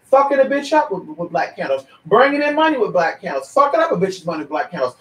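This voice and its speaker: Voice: mid-range voice, big pitch swings, fast, a bit bright. A psychic reader hosting a livestream, talking bluntly and swearing freely. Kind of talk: livestream chat. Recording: roomy sound from far off.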